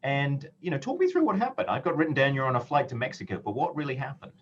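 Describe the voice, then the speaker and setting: A man, an oncologist, moderating a medical panel in a measured way with frequent pauses. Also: medium pitch, big pitch swings. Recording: dull lo-fi audio with faint noise.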